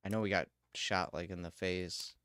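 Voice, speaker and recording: A man's voice: low-pitched, steady tone, sharp tone, a little hiss or hum. A man streaming a game live, ranting and swearing in casual chat as he plays. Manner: ranting, swearing, quick laughs. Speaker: livestreamer. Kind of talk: casual gaming livestream chat.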